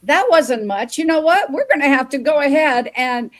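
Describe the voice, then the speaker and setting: A woman's voice: high-pitched, animated, moderate pace. A woman hosting an interview show, talking in an effusive, rambling way and often repeating words as she goes. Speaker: show host. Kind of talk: enthusiastic interview chat.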